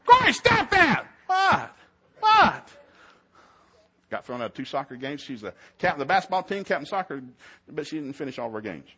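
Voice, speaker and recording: A man's voice: mid-range voice, animated, very fast, slightly rough. A middle-aged man, preaching a sermon in a folksy storytelling way. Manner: folksy storytelling, swings to loud shouted preaching. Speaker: pastor.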